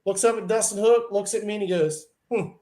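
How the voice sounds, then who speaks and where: A man telling a casual, animated story on a live show, laughing often and acting out his friends' lines. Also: high-pitched, quick pace, reverberant. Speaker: truck and tractor pulling guest.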